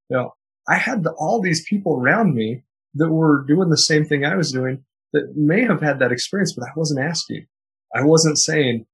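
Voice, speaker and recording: Male podcast guest, mid pitch, husky tone, earnest and emphatic delivery. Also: a bit bright, rough recording. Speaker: guest author and entrepreneur. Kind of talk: podcast interview answers.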